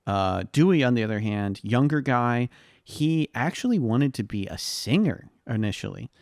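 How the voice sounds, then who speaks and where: A man's voice: medium pitch, animated, normal speed, darkish tone, no room sound, studio quality. A man co-hosting a casual history podcast, easygoing and chuckling, with "uh" and "um" fillers. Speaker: podcast co-host.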